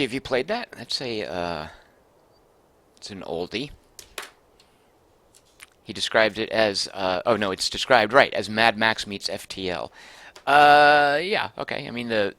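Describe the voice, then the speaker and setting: A man's voice: lowish voice, animated, a little slow, long pauses, sharp tone. A man casually commenting as he streams a game, thinking aloud and reading out viewer comments.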